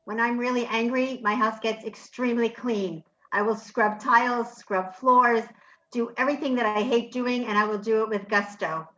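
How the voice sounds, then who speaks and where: Bright lively woman from the audience. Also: a little high, normal speed, lo-fi sound, slight background noise. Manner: lively, candid, self-mocking. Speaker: audience member. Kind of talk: casual remark in a talk.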